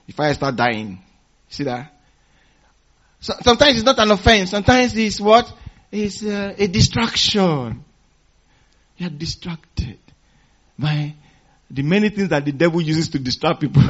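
A pastor with a husky, slightly high voice preaches in call-and-response style, having the congregation finish his phrases and chuckling as he tells stories. The recording is dull and lo-fi.

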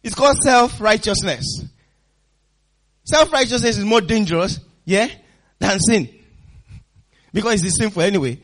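Male pastor, high voice, emphatic sermon delivery with congregation call-and-response. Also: animated, normal speed, long pauses. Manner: laughs often, swings loud and soft.

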